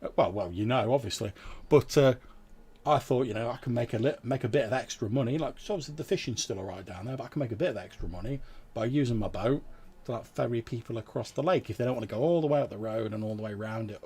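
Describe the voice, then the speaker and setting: A man's voice: medium pitch, fast, warm tone, breathy edge, natural voice. A man voicing a gossipy middle-aged ferryman in a tabletop role-playing game, rambling and full of fillers.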